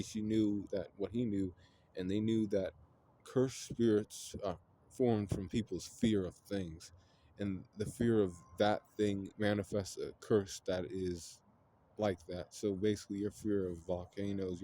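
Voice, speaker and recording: A man's voice: fairly low pitch, fairly even intonation, unhurried, dark tone, slight background noise. A man casually retelling an anime plot, rambling with lots of fillers and some swearing. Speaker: storyteller.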